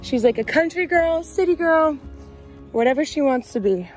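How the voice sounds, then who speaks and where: A woman's voice: high-pitched, animated, normal speed, a little mellow, faint music behind. A woman vlogging casually to her viewers, chatty and slipping into gushing baby talk with a puppy, at home and out on a farm. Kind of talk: casual vlog chat.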